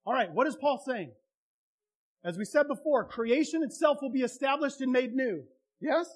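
A pastor delivering a sermon in an unusually high voice for a man. He speaks to his congregation in a plain, conversational way, then presses his points with fervent intensity. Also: lively intonation, normal speed. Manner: impassioned, conversational preaching.

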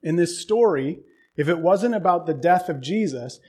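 A man's voice: a little high, lively intonation, normal speed, dark tone, slightly rough. A man preaching a sermon, retelling a Bible story with humor and irony.

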